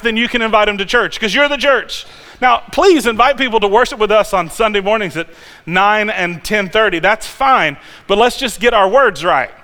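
A male pastor preaching a sermon in a conversational, animated way, with restarts and sudden loud peaks. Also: high-pitched. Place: church sanctuary. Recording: long hall reverb.

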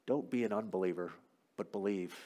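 A man voicing a calm, gentle teacher who speaks softly and quietly. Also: mid-range voice, measured pace, natural voice.

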